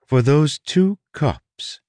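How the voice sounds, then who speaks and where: A powerful sorceress who talks down to others in slow, amused, lifted tones, voiced by a man reading an audiobook. Her lines swoop with a lively range. The sound is dry and close. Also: fairly high pitch, no echo, voice pushed up. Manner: condescending, drawn-out. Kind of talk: audiobook character voice.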